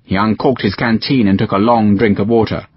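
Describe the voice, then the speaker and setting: A man narrating a war novel as a scripted audiobook reading, with expressive storytelling. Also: brisk, breathy edge, no echo. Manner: expressive storytelling with varied pitch. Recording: dull, dry audiobook recording.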